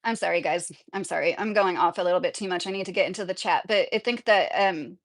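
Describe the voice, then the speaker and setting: A woman's voice: on the low side, fast talker. A woman giving casual live-stream commentary, rambling with frequent apologies and laughing asides. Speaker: livestreamer.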